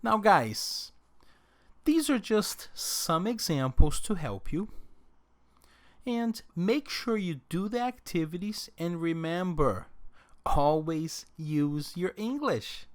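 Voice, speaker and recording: A man teaching a recorded English lesson, drilling example sentences slowly with exaggerated question intonation. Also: high voice, animated.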